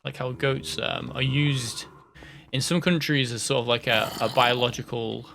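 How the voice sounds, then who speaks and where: A man's voice: medium pitch, steady tone, unhurried, vocal fry, a bit bright, slight background noise. A man from the UK rambling through casual gameplay commentary, jokey and self-mocking, sometimes sinking to a whisper. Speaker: gaming host.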